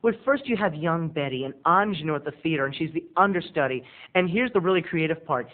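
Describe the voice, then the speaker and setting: A man giving a casual, animated, campy movie review as a video blogger. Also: on the high side, fast. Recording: tinny lo-fi recording.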